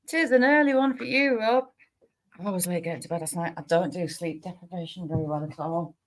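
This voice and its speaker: A woman from Cumbria hosts a relaxed livestream, chatting with viewers in a quick northern English accent. Her voice sits a little low and she rattles along fast, laughing easily between lines. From Cumbria, England. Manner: fast-talking, laughs often. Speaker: livestream host. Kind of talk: casual livestream chat.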